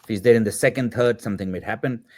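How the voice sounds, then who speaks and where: A middle-aged man, a podcast guest, telling a story with animated energy and acting out the voices of the people in it. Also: lowish voice, quick pace. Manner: animated, acts out the dialogue of the people in his story. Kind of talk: storytelling in an interview.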